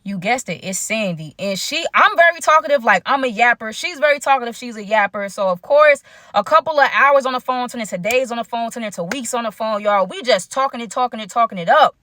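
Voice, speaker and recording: A young woman casually telling a story to her viewers, chatty and animated, full of slang and asides to the audience. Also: a little high, fairly quick, no echo. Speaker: storyteller vlogger.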